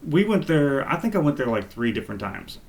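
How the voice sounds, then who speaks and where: A man co-hosting a podcast, telling stories in a relaxed, rambling way with lots of fillers. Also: medium pitch, brisk. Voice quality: laid-back, rambling with many fillers. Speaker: podcast co-host. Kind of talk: casual storytelling chat.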